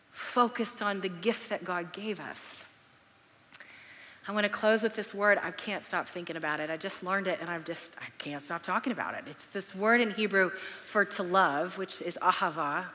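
A woman pastor closing her sermon and leading her church in prayer, earnest and emphatic, slowing right down to stretch out key words. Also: lowish voice, a bit bright, big-room sound.

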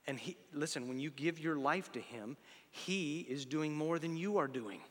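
A man preaching a sermon, conversational and animated, full of rhetorical questions and joking asides. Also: fairly high pitch, normal speed, big-room sound. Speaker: pastor.

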